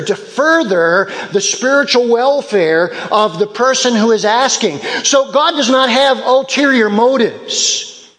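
High-voiced, slow preaching man in a hall. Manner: emphatic preaching with repeated phrases. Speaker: pastor. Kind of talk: sermon.

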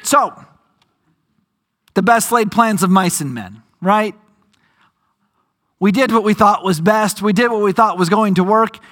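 A pastor preaching a sermon in a conversational way, slowing down for dramatic emphasis and sometimes bursting out loudly. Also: male voice, sits high.

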